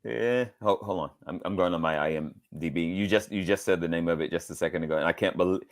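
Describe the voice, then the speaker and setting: A middle-aged man from Georgia, a voice actor being interviewed, telling animated stories and acting out quotes in different voices. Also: low voice, quick pace. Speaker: voice actor guest. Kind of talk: casual interview storytelling.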